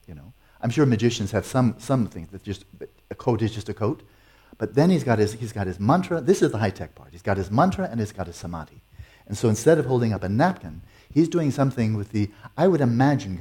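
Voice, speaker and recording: A man's voice: lowish voice, dark tone, breathy edge. A man teaching meditation and answering audience questions in a playful, teasing way. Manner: playful, teasing, chuckles often.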